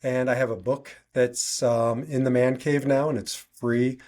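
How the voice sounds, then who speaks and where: A man's voice: medium pitch, flat delivery, a little slow, darkish tone. A man hosting a solo podcast, talking earnestly and conversationally with frequent restarts. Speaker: podcast host.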